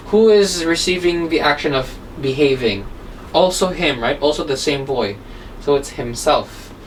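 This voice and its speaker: A woman teaching English grammar online, unhurried and patient, checking in with her students often. Her voice sits a little back from the microphone. A faint noise runs underneath. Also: low-pitched, lively intonation. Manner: patient, explaining step by step, asks rhetorical questions. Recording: distant mic with faint background noise.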